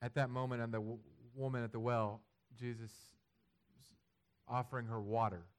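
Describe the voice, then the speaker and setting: A man preaching a sermon, acting out imagined prayers and building to loud, emphatic passages. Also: level tone, normal speed. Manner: rises to loud, high-pitched emphatic passages; acts out imagined prayers and quotes. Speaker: pastor.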